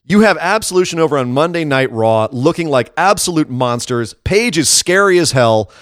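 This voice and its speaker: A man's voice: fairly high pitch, lively intonation, normal speed, fairly bright tone, no echo, clean studio sound. A man co-hosting a wrestling podcast in casual chat, opinionated and sarcastic.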